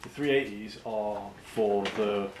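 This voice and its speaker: A young man talks casually to a handheld camera, joking dryly and explaining things at length. His voice sits a little low. Steady road noise from the moving car runs underneath. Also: measured pace. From Cheshire, England. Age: young adult. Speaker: family vlogger, father. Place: inside a car.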